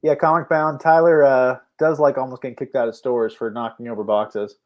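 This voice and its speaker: A man's voice: medium pitch, steady tone, brisk, lo-fi sound. A man co-hosting a casual chat, telling stories and laughing often. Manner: chatty storyteller, laughs often. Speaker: co-host.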